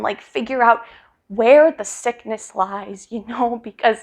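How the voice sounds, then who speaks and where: Woman, high voice, wry, conversational, hesitant, dramatic monologue. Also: unhurried, creaky, darkish tone. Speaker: actor performing a monologue.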